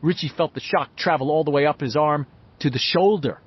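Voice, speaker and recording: A man narrating an audiobook with expressive storytelling. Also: fairly high pitch, a little fast, breathy edge. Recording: slightly muffled, dull audio.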